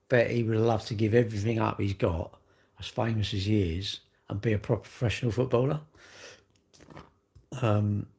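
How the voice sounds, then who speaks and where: An English man in middle age chats on a casual livestream with a gravelly, low voice. He rambles along with plenty of tag questions. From England. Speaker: livestream host.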